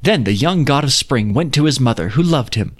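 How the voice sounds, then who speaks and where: A man reading an old fairy tale aloud in a measured, lyrical storybook manner. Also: mid-range voice, lively intonation, breathy edge. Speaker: narrator.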